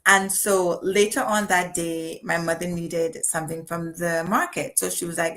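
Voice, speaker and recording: Lady in her middle years, lowish voice, telling a story on her live stream, heartfelt, keeps restarting her sentences. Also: normal speed, hardly any pauses, fairly bright tone. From Trinidad. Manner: reflective and heartfelt, frequent restarts. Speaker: channel host.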